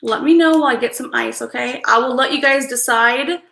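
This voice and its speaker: A woman's voice: on the high side, a little fast, vocal fry, fairly bright tone. A woman hosting a casual live stream, chatty and apologetic, often laughing as she talks to viewers about card readings. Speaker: livestream host doing card readings. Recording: echoey room.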